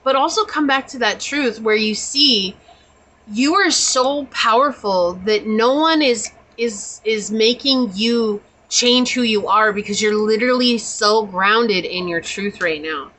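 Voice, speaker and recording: A woman's voice: fairly high pitch, a little slow, bright, forceful tone, rough recording. A woman doing a pick-a-card tarot reading, talking in a chatty, reassuring, spiritual way with many casual fillers. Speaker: tarot reader.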